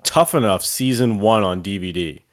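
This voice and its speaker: Low-voiced man in casual podcast banter. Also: normal speed. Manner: enthusiastic, loose and rambling, swears casually. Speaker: podcast co-host. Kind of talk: casual chat.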